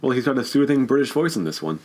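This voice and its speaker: A man casually commenting on a game he is playing, wry and quick to laugh. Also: medium pitch, sing-song, noisy background. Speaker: let's play commentator.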